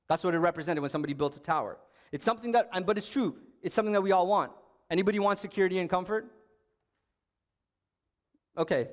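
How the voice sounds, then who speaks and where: Young male youth pastor, casual storytelling sermon, slightly high voice, long hall reverb. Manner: storytelling, conversational, with bursts of emphasis.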